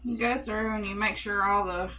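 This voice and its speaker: In her home kitchen, this Alabama woman chats her way through a cook-along, walking viewers through each step with a Southern drawl. She speaks at medium pitch and a moderate pace, with fairly even intonation and a bright, forceful tone. The recording is rough, with faint background music.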